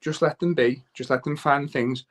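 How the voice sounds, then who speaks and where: An earnest man talks as a guest on a talk show. His voice sits a little higher than most men's, and he rambles and restarts as he works through his thoughts. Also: fairly even intonation, normal speed, slight background noise. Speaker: guest father. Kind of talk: casual talk-show chat.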